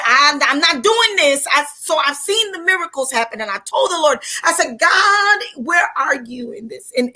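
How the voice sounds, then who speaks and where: A woman with a high, bright voice gives a personal testimony that builds into preaching. She speaks fervently and repeats phrases for emphasis, in the manner of a pulpit sermon. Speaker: faith leader, panel guest.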